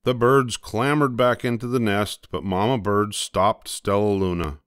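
Older man, storybook reader, low pitch, smooth clear voice, gentle, slows for drama. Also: fairly even intonation, dry recording, clean studio sound. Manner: gentle, slowing for dramatic moments. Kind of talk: reading a children's picture book aloud.

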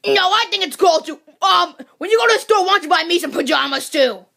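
Brief: a woman playing a lazy, grumpy koopa king; gravelly, sharp-edged and very high, gruff and bossy. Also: lively intonation, fast talker, heavily acted.

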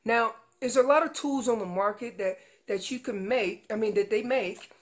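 Man, guest instructor, elk-calling lesson, step-by-step explanations, emphatic, animated delivery. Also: high voice, moderate pace. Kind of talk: instructional demonstration.

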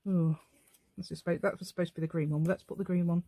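A woman's voice: fairly low pitch, steady tone, fast talker, vocal fry, mellow, breathy edge, no room sound. Chatty woman, rambling craft talk. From England. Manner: rambling, chatty, talks to herself while working. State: tired. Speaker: craft channel host. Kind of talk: casual crafting tutorial chat.

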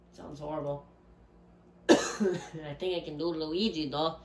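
A young man giving casual let's-play commentary, chatty and excitable, a little hoarse as he gets his voice back. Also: fairly high pitch, slow pace, a little hiss or hum. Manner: chatty, excitable reactions to the game. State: hoarse, recovering from losing his voice. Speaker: gameplay commentator. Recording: roomy room with game music.

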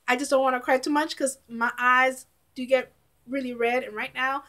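A woman's voice: high-pitched, steady tone, moderate pace, fairly bright tone. A woman giving casual reaction commentary as a YouTuber, rambling with many fillers and fighting back tears.

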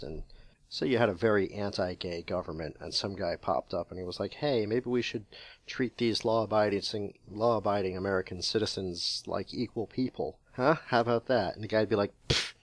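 A man's voice: fairly low pitch, normal speed, dry recording. A man from New England co-hosting a podcast, talking in opinionated casual chat and telling stories with acted inner voices. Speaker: podcast co-host.

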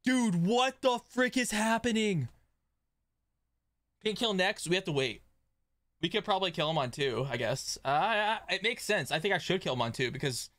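Excitable male streamer, bright and lively. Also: on the high side, dry recording. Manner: excitable, swings between shouting and muttering; swears mildly, talks to chat. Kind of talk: live gameplay streaming.

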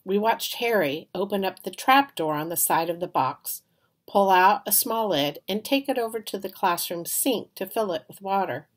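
A woman reading a children's chapter book aloud in an expressive storytelling manner. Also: mid-range voice, moderate pace. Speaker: reader.

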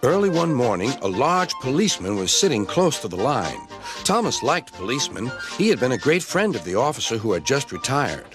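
A young man narrating a children's train story with a lively, expressive reading. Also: mid-range voice, brisk, over music. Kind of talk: storybook narration, fan remake.

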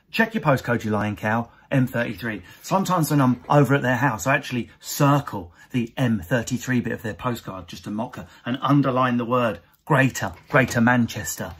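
A man from Essex doing an animated stand-up routine to camera, often jumping into high mocking voices of other people. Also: normal speed, few pauses, breathy edge. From Essex, England. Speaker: stand-up comedian.

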